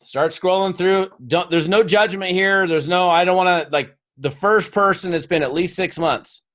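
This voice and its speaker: A man delivers a live seminar, urging his audience into action with energy and a coaxing tone. His voice sits a little on the high side, and he slips into quick acted quotes while he tells his stories. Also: fairly bright tone. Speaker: motivational speaker.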